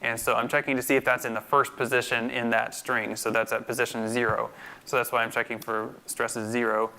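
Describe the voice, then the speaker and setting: Male instructor, screencast coding tutorial, gravelly yet crisp tone, bright voice, talks through his steps. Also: mid-range voice, level tone, a little fast. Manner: thinks aloud, many fillers and restarts.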